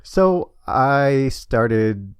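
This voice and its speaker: A man's voice: medium pitch, big pitch swings, extremely slow, a little hiss or hum. A middle-aged man casually telling a personal story on his vlog, hesitant and full of fillers. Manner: rambling, hesitant, many fillers. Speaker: vlogger.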